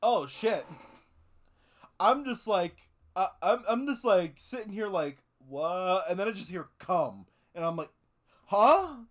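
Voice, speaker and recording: A man streaming live, reacting to a video, swearing and cracking up with loud laughter. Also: sits high, normal speed.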